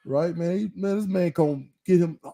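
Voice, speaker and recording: A man's voice: sits high, moderate pace, mellow. A middle-aged man co-hosting a podcast, talking earnestly and often checking in with "right?". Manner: earnest, repeats points, asks "right?" often. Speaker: podcast co-host. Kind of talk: casual chat.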